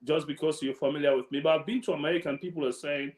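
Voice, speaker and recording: A man's voice: mid-range voice, fast, hardly any pauses, a little mellow, roomy sound. A man from Sierra Leone with a Sierra Leonean accent, hosting an event on a video call, chatty and full of anecdotes. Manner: chatty, anecdotal, laughs often. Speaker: event host.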